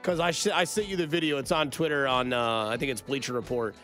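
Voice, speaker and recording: A man's voice: mid-range voice, fairly even intonation, fast talker, fairly bright tone. A male sports radio host chatting casually late at night in a studio. He rambles and corrects himself mid-thought, in an easygoing, conversational way. Faint music plays underneath.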